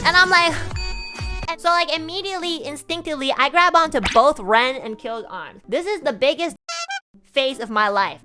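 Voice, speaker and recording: This is a woman streamer telling a story in casual chat. Her voice sits high and sounds bright and sharp. She talks in an animated way, cursing and laughing, with soft music playing faintly behind her.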